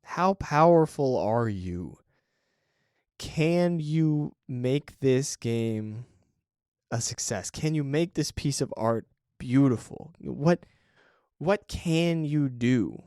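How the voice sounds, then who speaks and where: Guy thinking out loud on his podcast, mid pitch, dry close sound, keeps asking right?. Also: slow, no room sound. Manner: reflective, conversational, often asks "right?". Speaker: podcast host. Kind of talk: casual solo talk on creative work.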